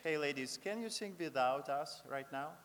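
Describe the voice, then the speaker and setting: A man, a choir director teaching a congregation to sing, speaking in halting, friendly, broken English. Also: on the high side, expressive, fairly bright tone, slight background noise. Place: large chapel. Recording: long hall reverb.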